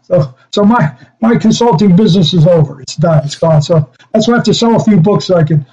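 An older man tells long, rambling stories in a warm, mellow voice that sits a little high. He chuckles and trips over his own starts. The audio is dull and lo-fi. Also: a little fast. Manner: rambling, chuckling, self-interrupting. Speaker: guest, former special teams coach. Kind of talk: casual storytelling interview.

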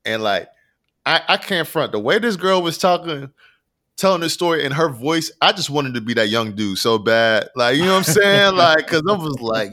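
A man's voice: on the high side, expressive, normal speed, sharp tone. Man telling rambling, profane stories. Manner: rambling, profane, slangy storytelling. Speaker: podcast co-host. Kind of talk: casual podcast chat.

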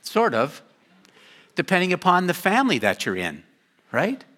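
An older man, a pastor, giving a sermon in a conversational, lively way with joking asides. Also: high-pitched, moderate pace.

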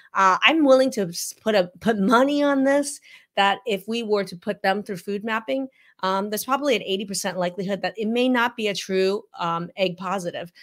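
Emphatic female health practitioner, live reaction commentary, teacherly and animated. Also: mid-range voice. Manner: frequent "okay?" check-ins. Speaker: functional medicine practitioner.

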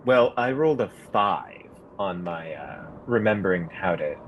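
A man playing a tabletop game, joking and acting out his character's shouts. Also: deep voice, animated, a little slow, muffled recording, slight background noise. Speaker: player. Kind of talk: casual tabletop play.

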